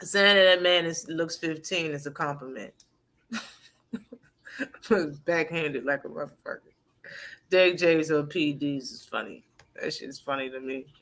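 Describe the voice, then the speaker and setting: A woman's voice: low-pitched, a little slow, long pauses, fairly bright tone. A woman hosting a live boxing talk stream in casual, profane chat, laughing often and answering her chat.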